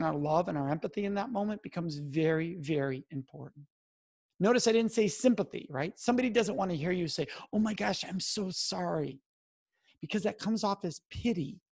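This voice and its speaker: Addressing his audience head-on, a middle-aged man with a high, slightly mellow voice gives earnest advice on sexual assault prevention. He coaches listeners on exactly what to say and puts emphasis on the key words.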